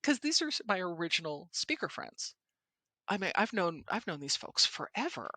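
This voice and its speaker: Animated woman telling podcast stories. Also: lowish voice, moderate pace, no room sound. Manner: animated storyteller who acts out quotes. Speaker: podcast host and presentation coach. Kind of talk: casual podcast chat.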